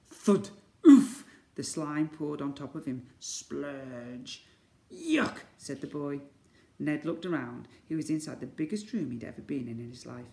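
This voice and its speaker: A male teacher reading a storybook aloud to young children, animated and acting out the sound effects. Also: fairly high pitch, creaky. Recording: echoey room.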